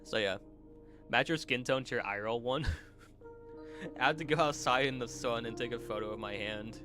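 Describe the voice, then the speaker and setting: Bright-voiced young male streamer, stuffy nose. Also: mid-range voice, moderate pace, faint music behind. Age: young adult. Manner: rambling, laughing, many restarts. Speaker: vtuber streamer. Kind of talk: casual chat with stream chat.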